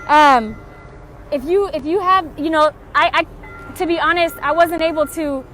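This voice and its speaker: Very high-voiced impassioned woman. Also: measured pace, fairly bright tone. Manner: impassioned, urgent, repetitive calls to action. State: frustrated and tired. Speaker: livestreamer. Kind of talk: livestreamed street appeal. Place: outdoors on a city street. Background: faint passing traffic and honking.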